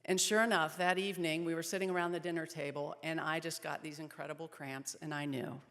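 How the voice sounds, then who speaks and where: A woman's voice: low-pitched, steady tone, quick pace. Earnest woman telling her story in a hall. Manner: earnest storytelling, softening in sad moments. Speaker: speaker at a pregnancy center event. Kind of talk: personal testimony speech. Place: event hall. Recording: long reverb of a hall.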